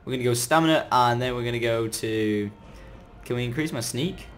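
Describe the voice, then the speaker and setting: A man giving chatty, excitable commentary as he plays a game, breaking into sudden loud outbursts. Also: medium pitch, brisk. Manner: chatty running self-talk while playing. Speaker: gaming video creator. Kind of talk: let's-play gameplay commentary.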